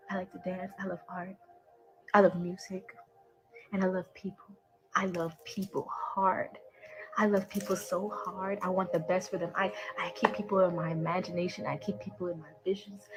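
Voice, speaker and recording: A woman's voice: mid-range voice, low-quality recording. A woman in a played social media clip, ranting in a boastful, profane and emotional way and affirming herself. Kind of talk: social media live rant.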